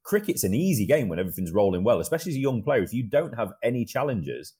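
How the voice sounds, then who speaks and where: A man's voice: mid-range voice, very animated, fast, mellow, slightly rough. A man co-hosting a cricket podcast, reflecting in casual chat and drawing on his own playing experience. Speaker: podcast co-host.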